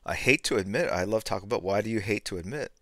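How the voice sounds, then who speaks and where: Low-voiced older man chatting on stream. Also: fast talker, no room sound, studio quality. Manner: rambling, gets loud and worked up then trails off quietly. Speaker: artist streaming while drawing. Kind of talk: casual live-stream chat reading comments.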